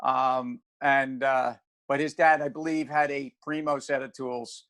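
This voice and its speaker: A man's voice: mid-range voice, steady tone, unhurried, fairly bright tone, no room sound. A man co-hosting a casual talk show about markets, rambling with many restarts and fillers. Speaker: podcast co-host.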